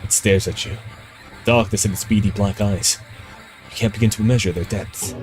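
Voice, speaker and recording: A young man streams a horror game, reading its eerie text aloud and then reacting with curses and exclamations. His voice sits a little low. Faint music runs underneath. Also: fairly even intonation, normal speed, darkish tone.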